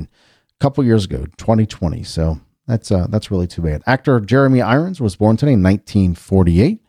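A man's voice: low voice, mellow, no echo, studio quality. A man hosting a casual solo show, chatting in a rambling way with frequent restarts and asides. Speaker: podcast host.

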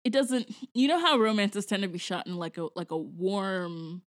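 A woman's voice: mid-range voice, moderate pace. A woman from Jamaica co-hosting a casual movie review, chatting loosely with lots of "like" and laughter.

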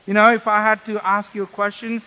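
High bright-voiced male pastor preaching. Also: little pitch movement, brisk, big-room sound, low-quality recording. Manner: conversational, questions the congregation. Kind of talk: sermon. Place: church.

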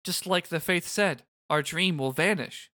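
A gentle, earnest young woman from a game, read by a man in his own voice. The lines come quietly and subdued, in a fairly high, bright tone. There is no attempt to imitate her voice. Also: a little slow. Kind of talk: reading game dialogue aloud.

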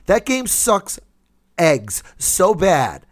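A man co-hosting a podcast, ranting loudly in a joking way during casual chat. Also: high-pitched, very slow. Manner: loud and animated, jokey rants. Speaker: podcast co-host.

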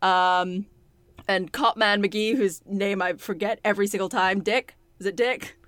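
A woman's voice: medium pitch, steady tone, unhurried, a bit bright, dry recording. A woman co-hosting a casual podcast, recapping a show with lots of laughter and casual swearing. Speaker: podcast co-host.

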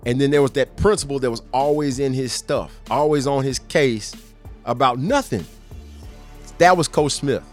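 A middle-aged man tells a story from his youth in a casual, animated way, laughing now and then and tripping over his words. His voice sits in an ordinary middle pitch and leaps up when he acts out other people's lines. Faint music plays behind him. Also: normal speed. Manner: laughs and restarts often. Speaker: podcast host.

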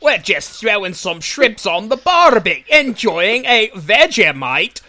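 A man's voice: high voice, sharp tone, full character voice. A man putting on an exaggerated Australian accent as a jokey host, drifting toward a posh British sound. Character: over-the-top Australian bloke host.

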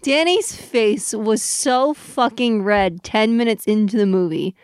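A woman's voice: fairly high pitch, unhurried, a little mellow, clear, resonant tone, no room sound, studio quality. A woman co-hosting a casual comedy podcast. She talks bluntly, swears freely and teases her co-host.

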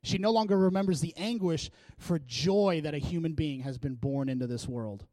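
A man's voice: on the high side, moderate pace, no echo. A male pastor preaching a sermon in a casual, joking, fervent way, urging his congregation on. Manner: casual, joking and energetic, with frequent laughs.

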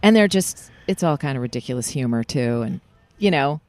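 A woman's voice: very deep voice, a little fast, no room sound. Chatty woman voice actress, dry sound. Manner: animated, chatty, many fillers and restarts. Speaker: voice actress guest. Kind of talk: casual interview chat. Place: parking lot.

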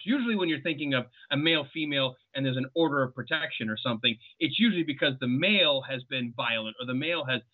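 A man guest on a podcast, explaining points at length in casual film talk and acting out short quotes. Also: medium pitch. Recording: tinny phone-like line.

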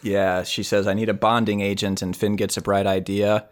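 A man with a fairly low voice talks on a podcast. He fills in plot details in short, dry remarks during a relaxed cartoon recap. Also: normal speed. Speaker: podcast co-host. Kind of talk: casual chat recapping a cartoon episode.

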